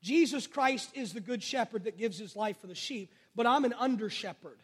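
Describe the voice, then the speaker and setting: A man preaches to his congregation, his voice very high for a man. He calls out questions, then drops to a near hush. A long reverb trails after each phrase in the church. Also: normal speed, slightly rough. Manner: call-and-response preaching, rising and falling in volume. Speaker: pastor. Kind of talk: sermon.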